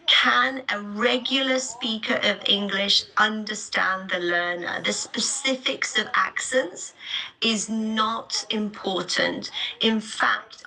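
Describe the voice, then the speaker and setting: A woman teaching a live online class, explaining pronunciation points in a clear, deliberate way. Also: medium pitch, pushed and bright, low-quality recording.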